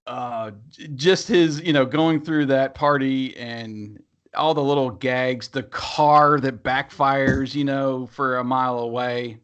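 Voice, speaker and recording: A man's voice: mid-range voice, fairly even intonation, takes it slowly, fairly bright tone, smooth. A man co-hosting a podcast, chatting casually about movies and rambling through fillers and restarts. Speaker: podcast co-host. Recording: dull lo-fi sound.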